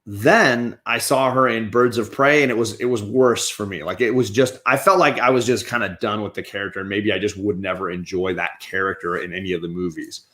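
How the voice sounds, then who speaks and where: A man's voice: fairly low pitch, fairly even intonation, brisk, few pauses, fairly bright tone. Chatty man reviewing movies casually. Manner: chatty, opinionated, restarts sentences often. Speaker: comic and movie reviewer, show host.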